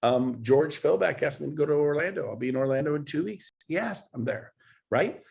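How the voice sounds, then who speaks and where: A real estate coach leads a motivational webinar over a video call, speaking emphatically, pushing his listeners and often building up to exclamations. His voice is a little high, expressive and fairly quick, gravelly yet a little mellow, with a breathy edge.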